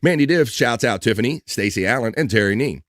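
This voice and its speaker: A man's voice: mid-range voice, animated, fast talker, fairly bright tone, no echo, studio quality. A man hosting a live stream, chatting casually and reading viewer messages aloud in an upbeat way. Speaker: livestream host.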